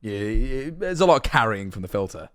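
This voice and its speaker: A young man commenting on videos during a stream, talking in a casual, sweary way with loud, excited outbursts. His voice sits fairly low and swings around a lot in pitch. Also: a little fast. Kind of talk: reaction commentary.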